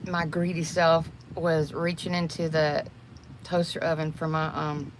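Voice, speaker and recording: A woman's voice: low-pitched, level tone, unhurried. An older woman, chatting casually with viewers on a livestream while she does her makeup, rambling and calling them y'all. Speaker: livestream host. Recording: noisy home livestream.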